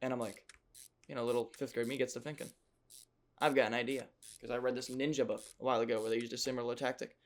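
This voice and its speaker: A young man tells a rambling childhood tale in a relaxed, self-mocking way. His voice carries a gravelly rasp at mid pitch, and he keeps tossing in jokey asides. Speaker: storyteller. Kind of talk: casual storytelling.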